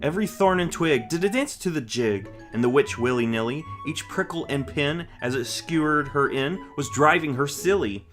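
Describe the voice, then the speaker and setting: A man reading a rhyming children's book aloud with a rhythmic, expressive delivery. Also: on the high side, normal speed, few pauses, faint music behind. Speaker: storyteller.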